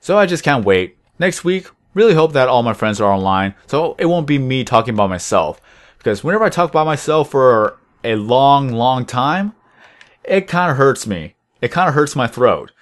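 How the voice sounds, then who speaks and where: A young man rambling through casual commentary over his gameplay video, deliberately lifting his voice above his natural low tone. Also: sing-song. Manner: rambling, chatty, self-reflective. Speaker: gaming channel host.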